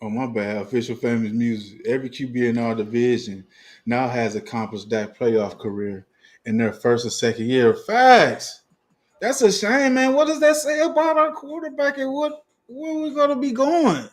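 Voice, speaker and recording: A sports fan livestream host rants to his viewers in heavy slang and plenty of profanity, laughing often, restarting a lot, and reading chat comments aloud. He is animated, speaking at medium pitch and a moderate pace.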